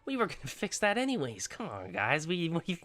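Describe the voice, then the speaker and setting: A man's voice: fairly high pitch, wildly swooping pitch, fairly quick, a bit bright. A teenage boy voicing a smug, placating company spokesman in a mock-soothing, condescending tone.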